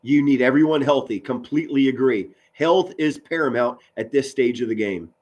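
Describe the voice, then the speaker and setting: A man, doing loud live football play-by-play and chatting with viewers. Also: mid-range voice, moderate pace, muffled recording. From Pennsylvania, US. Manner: loud, excitable, swings from mutters to shouts. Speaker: sports commentary streamer.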